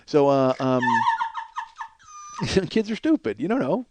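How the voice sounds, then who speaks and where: A man's voice: fairly high pitch, takes it slowly, very noisy. A man in his forties from Chicago, hosting a comedy podcast and telling a long, rambling, profane story. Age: 40s. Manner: rambling, profane, animated when worked up.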